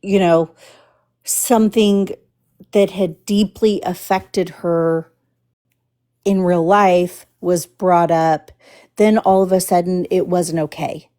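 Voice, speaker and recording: Woman livestream host from the Houston area, unhurried, mellow, careful and hesitant delivery. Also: on the low side, steady tone. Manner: halting and careful with words, many restarts. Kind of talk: casual livestream commentary.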